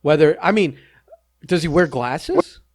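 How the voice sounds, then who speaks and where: A man co-hosting a casual podcast, giving wry, measured commentary with a dry sense of humor. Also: on the high side, lively intonation, noisy background. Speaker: podcast co-host.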